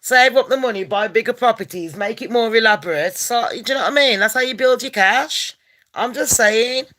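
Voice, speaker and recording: A woman's voice: a little high, a little fast. Brash, sweary woman. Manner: brash, profane and rowdy, bursting into loud rants. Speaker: channel host. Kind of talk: casual gossip storytelling vlog.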